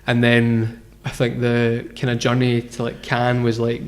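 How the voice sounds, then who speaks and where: A Scottish founder, appearing as a guest in a casual interview, tells his story in a rambling way, full of fillers, restarts, and self-corrections. His mid-range voice is monotone and his pace measured.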